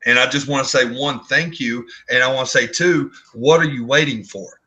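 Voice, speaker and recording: Blunt, bright-voiced man pitching hard. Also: steady tone, normal speed, rough recording. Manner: earnest, blunt, repeats words. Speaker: co-host of online business hangout. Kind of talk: motivational sales pitch.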